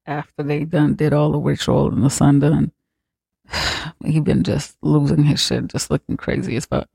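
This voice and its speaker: A man's voice: fairly high pitch, vocal fry, a little mellow, slightly rough, no echo, studio quality. A man hosting a comedy podcast, retelling a horror film in a slangy, profane, laughing way. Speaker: podcast host. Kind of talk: comedic movie recap.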